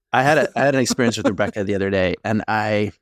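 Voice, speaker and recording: A man's voice: on the low side, fairly quick, no echo, studio quality. A man co-hosting a relationship podcast, telling a story in rambling casual chat with tangents. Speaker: podcast co-host, therapist.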